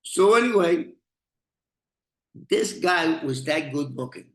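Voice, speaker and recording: Older male storyteller, unhurried, foul-mouthed, bright and echoey. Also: fairly high pitch, expressive. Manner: profane, rambling, laughs often. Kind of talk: casual storytelling. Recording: roomy echo.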